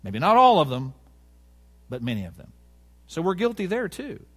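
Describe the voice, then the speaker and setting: A man preaching with a voice that climbs and falls widely, set a little higher than most men. He drives his points home with emphasis and repetition, and he puts rhetorical questions to the congregation. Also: huge pitch swings, normal speed, husky. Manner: emphatic, rhetorical questions, stresses key words. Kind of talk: sermon.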